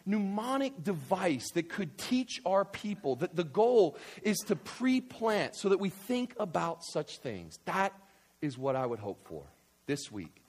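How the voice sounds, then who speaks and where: A man preaches a sermon, his voice sitting high and swinging widely in pitch. He slips into quick acted-out bits of everyday chatter and climbs at times into near shouts. He keeps checking in with the room with "right?". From New York. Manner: animated, acts out everyday banter, rising to shouts; repeats "right?" often. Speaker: pastor.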